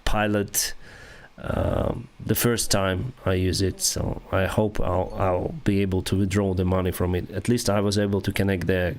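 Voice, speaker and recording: A man with a Ukrainian accent, hosting a casual livestream and answering viewers, with halting speech and frequent restarts. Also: low voice, little pitch movement. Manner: halting, many restarts and fillers, reads comments aloud. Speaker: airline pilot and livestream host. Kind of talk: casual livestream chat reading viewer comments.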